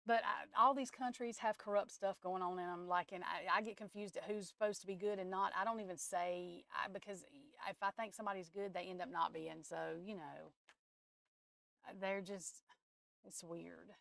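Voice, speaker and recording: A woman with a drawl and a low, gravelly voice talks casually to her online viewers from home. She is outspoken and blunt and swears freely. The sound is close and dry, with no room echo. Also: fairly even intonation, moderate pace, fairly bright tone. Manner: chatty and blunt, curses, talks straight to her chat. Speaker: tarot reader and livestream host. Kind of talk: casual livestream chat.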